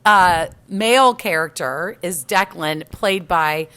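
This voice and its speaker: A middle-aged woman co-hosting a podcast in casual chat, telling stories in an animated, giggly way. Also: lowish voice, takes it slowly, slight background noise. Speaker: podcast co-host.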